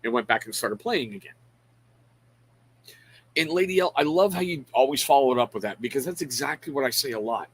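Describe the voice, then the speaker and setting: A man's voice: on the high side, fairly bright tone, breathy edge, rough recording. A middle-aged man hosting a casual live stream in a loose, rambling way. He speaks frankly and pokes fun at himself, breaking off mid-thought to greet viewers by name. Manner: frank, self-deprecating. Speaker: live show host.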